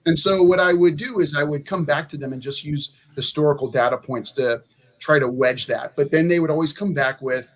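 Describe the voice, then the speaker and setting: A man's voice: fairly high pitch, brisk. A man, a former candidate for Congress, talking in a rambling, folksy way with many restarts on a convention panel. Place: convention meeting room.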